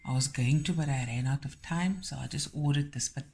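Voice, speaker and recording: A woman's voice: sits low, brisk, background noise. A South African woman hosting a cooking channel, chatting in a homely way as she shows her guests' gifts and food at home. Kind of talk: casual vlog chat.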